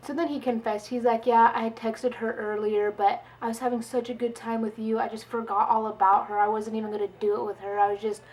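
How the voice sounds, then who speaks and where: A young woman vlogger telling a story in casual chat, chatty and animated, with many "like"s and quoted dialogue. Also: a little high, fast, hardly any pauses, low-quality recording.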